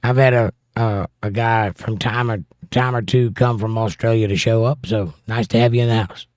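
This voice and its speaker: A man's voice: mid-range voice, fairly even intonation, moderate pace, no room sound, studio quality. A middle-aged American man hosting a casual livestream, reading viewer comments aloud with playful, combative banter. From United States. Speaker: livestream host.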